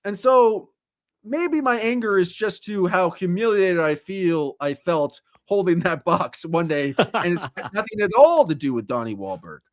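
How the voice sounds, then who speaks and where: An animated man co-hosting a podcast, riffing through comic rants in easy chat. His voice sits a little high for a man and stays lively from one joke to the next. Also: a little slow. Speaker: podcast co-host.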